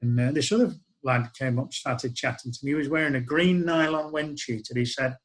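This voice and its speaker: A man's voice: mid-range voice, brisk, few pauses, poor audio. Wry older man storytelling. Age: 60s. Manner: wry, reflective, conversational. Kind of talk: spoken-word storytelling.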